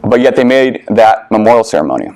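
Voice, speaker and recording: A man's voice: lowish voice, very animated, quick pace, a little mellow, slight background noise. A young adult man, a veteran, telling a personal story to an audience in an earnest, candid way with casual swearing. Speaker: veteran speaker.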